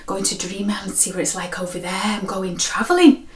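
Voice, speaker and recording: A woman voicing an excited, cheerful young girl off on her first trip. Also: mid-range voice, brisk, distant mic, close to an everyday voice. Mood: eager. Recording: roomy echo.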